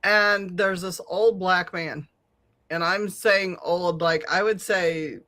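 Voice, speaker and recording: A middle-aged woman telling a long, animated story on a podcast, swearing freely and laughing often. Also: lowish voice, slow. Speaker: podcast co-host. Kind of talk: casual storytelling chat.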